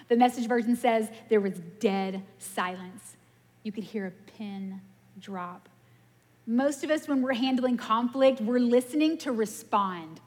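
A woman giving a casual, animated sermon in a church, telling stories and laughing at herself. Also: fairly high pitch. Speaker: preacher. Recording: long hall reverb.

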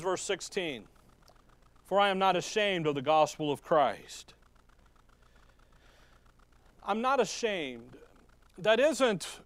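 A man delivers a sermon in a high, bright-edged voice, recorded dry and close. He talks to the congregation conversationally, then punches single words hard for emphasis and drifts into quick asides. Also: no room sound. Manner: conversational preaching with sudden loud emphasis and asides. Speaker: pastor.

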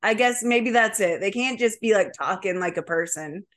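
Woman co-host, casual chatty talk, average pitch, lots of fillers. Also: normal speed, a bit bright. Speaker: podcast co-host. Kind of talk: casual comedic chat.

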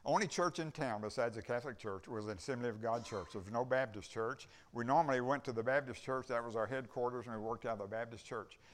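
An older man, visiting a church service as a preacher, tells a folksy story quickly and with few pauses in a mid-range voice. He rambles through this sermon testimony, acting out the dialogue as he goes.

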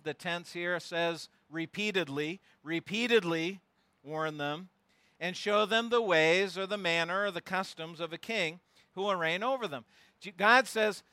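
A man's voice: high voice, pushed and bright, smooth, dry recording. A pastor preaching a sermon, teaching verse by verse and pressing his listeners with emphatic rhetorical questions.

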